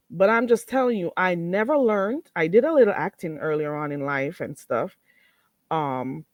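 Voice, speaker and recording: A woman's voice: mid-range voice, dry recording. A woman hosting a casual livestream, talking bluntly and swearing freely, reading and answering her chat. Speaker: livestream host.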